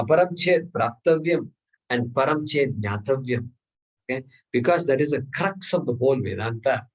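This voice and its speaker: Husky man teaching scripture. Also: medium pitch, rough recording. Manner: explains Sanskrit terms slowly, checks with "okay?". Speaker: Vedanta teacher. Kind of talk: scripture class lecture.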